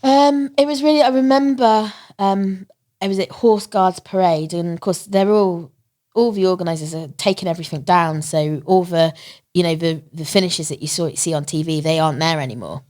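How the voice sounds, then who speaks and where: A lower-voiced woman from England tells her story as a podcast guest. She speaks with lively feeling and laughs often. She acts out the voices of the people in her story. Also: normal speed. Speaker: interview guest, marathon runner. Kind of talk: emotional storytelling in a podcast interview.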